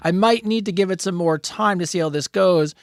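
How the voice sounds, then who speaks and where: High-voiced man hosting a chat show. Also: fairly quick, dry recording, studio quality. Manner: playful, rambling, reads listener letters aloud. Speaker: podcast co-host. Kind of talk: casual chat.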